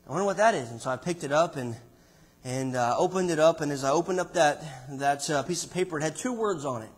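A man with a high voice preaches in a church, telling a personal story. He drops almost to a whisper on key words and then climbs into loud, ringing passages. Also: fast. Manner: dramatic swings from hushed to loud preaching. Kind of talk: sermon. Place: church sanctuary.

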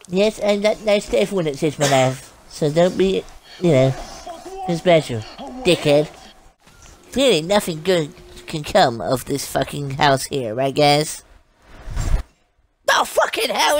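A woman giving brash, profane comedic commentary while playing a game, yelling insults at enemies. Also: on the low side, animated, slow, pauses often, slight background noise. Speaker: gameplay commentator. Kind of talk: comedic let's-play commentary. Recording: game sounds loud behind the voice.

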